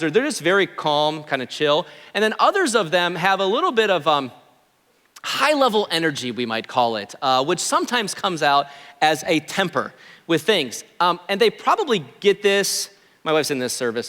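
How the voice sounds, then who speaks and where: Animated male pastor preaching. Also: fairly high pitch, in a large hall. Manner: animated, conversational preaching with asides to the congregation. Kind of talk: sermon. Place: church sanctuary.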